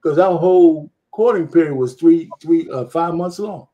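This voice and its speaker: A man on a panel, relaxed and anecdotal, telling a personal story and quoting himself along the way. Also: on the high side, moderate pace, lo-fi sound. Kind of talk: casual storytelling.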